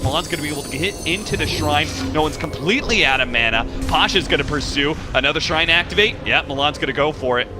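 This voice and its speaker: A man casting a video game match play-by-play, getting loud and excited at the big fights. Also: medium pitch. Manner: excited shouting at big plays. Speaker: esports caster. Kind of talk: play-by-play commentary.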